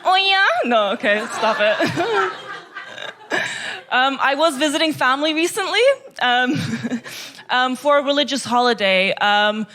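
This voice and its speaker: A woman's voice: high voice, lively intonation, measured pace, long pauses, crowd noise. A woman from Kazakhstan performing a stand-up comedy set, full of sarcastic, mock-gushing irony. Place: comedy club.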